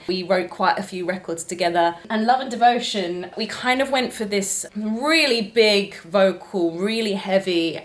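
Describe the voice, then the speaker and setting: Woman, 30s, singer-vlogger, casual chatty delivery, middle pitch. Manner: chatty, warm-hearted advice, sings short snippets. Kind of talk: casual talk to camera about her records.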